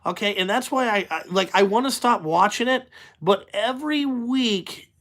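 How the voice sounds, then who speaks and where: A man's voice: sits high, expressive, moderate pace, a bit bright. A man who drives trucks, ranting casually for his channel, blunt and profane, full of fillers and "you know what I'm saying?". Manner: talks in loose run-on asides, asks "you know what I'm saying?".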